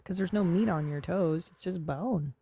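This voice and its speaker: Gravelly-voiced woman, casual podcast banter. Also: lowish voice, dark tone. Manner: laid-back, slangy, quick reactions. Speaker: podcast co-host, stand-up comic. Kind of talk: casual comedy podcast chat.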